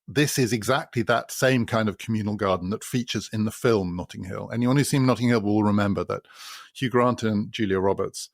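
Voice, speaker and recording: A man hosts a podcast and talks through a novel in an explanatory way. His low voice has a gravelly fry, and he drives points home by repeating them. The sound is close and dry. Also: a little fast, dry recording. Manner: explanatory, builds points by repetition. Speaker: podcast host. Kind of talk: spoken literary commentary.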